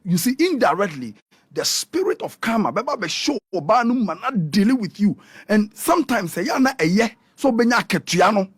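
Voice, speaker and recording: A man with a Ghanaian accent, a pastor in a radio interview who talks like he is preaching, swinging his pitch up and down with lively energy. His voice is breathy and a little raised, and the studio sound is dry and close. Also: normal speed, dry recording. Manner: animated preaching, switching between Twi and English.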